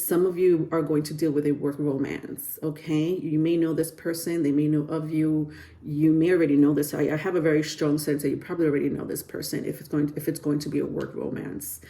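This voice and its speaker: A woman's voice: sits low, vocal fry, warm tone. A woman giving a casual tarot reading to camera, chatty and rambling with lots of fillers and restarts, often breaking into giggles. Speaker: tarot reader.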